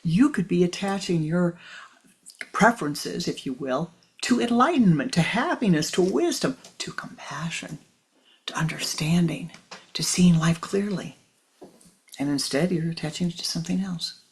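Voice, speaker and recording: A spiritual teacher gives a meditative talk in a gravelly, deeply husky voice of middle pitch. The delivery is slow and deliberate, with phrases repeated for weight. Often the voice sinks to a breathy near-whisper. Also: lively intonation. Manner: addresses listeners tenderly as "my beloved".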